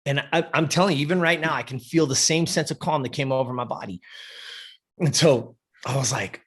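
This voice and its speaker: Man, 50s, interview guest, swears freely, keeps checking in with listeners, mid-pitched voice. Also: brisk, husky. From US West Coast. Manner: animated, profane, keeps checking in with "you know" and "right". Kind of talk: personal storytelling in a podcast interview.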